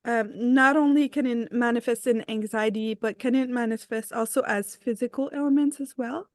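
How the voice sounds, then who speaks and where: A woman's voice: on the high side, steady tone, moderate pace, no echo, studio quality. A woman hosting a podcast interview, enthusiastic and readily agreeing with her guest. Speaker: podcast host. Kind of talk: casual interview chat.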